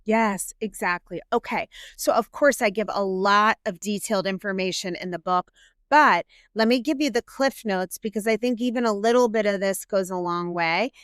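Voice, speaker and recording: A woman's voice: mid-range voice, normal speed, clean tone, no room sound, clean studio sound. A middle-aged woman, a therapist and podcast guest, explaining earnestly in an interview conversation. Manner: warm, earnest explaining with quoted self-talk.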